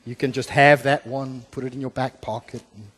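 A man preaching as a pastor, explaining scripture verse by verse, with frequent "uh" fillers and restarts, swinging between emphatic and soft, low delivery. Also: flat delivery, fairly quick, slightly rough, big-room sound. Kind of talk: sermon. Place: church sanctuary.

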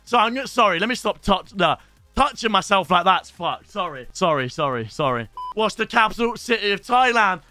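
Excitable young lad streaming. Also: male voice, high voice, fairly quick, soft background music. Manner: excitable banter with chat, swearing. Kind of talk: casual live-stream pack-opening commentary. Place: home streaming setup.

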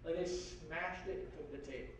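A man speaking as a guest at a university forum, telling an anecdote in a lively way and acting out the voices of the people in it, with many "like"s and "you know"s. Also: fairly high pitch, moderate pace. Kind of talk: animated anecdote storytelling. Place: university lecture hall. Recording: very echoey hall from far off, faint noise.

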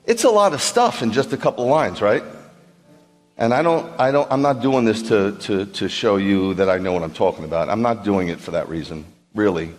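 There's a long reverb tail on this rabbi's fairly low voice, which moves at normal speed over faint music. He preaches to a congregation in a large hall, teaching with animation and asking questions to confirm listeners are with him.

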